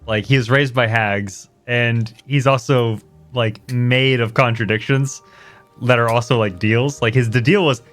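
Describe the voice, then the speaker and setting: A man's voice: medium pitch, steady tone, a little slow, fairly bright tone, soft background music. A man playing a tabletop game, chatting casually and laughing often. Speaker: player. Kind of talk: casual chat.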